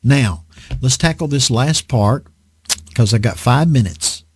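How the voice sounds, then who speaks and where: A man's voice: medium pitch, unhurried, breathy edge. A man preaching a conversational sermon, teaching a Bible lesson and asking his listeners rhetorical questions. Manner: animated, asks the audience rhetorical questions.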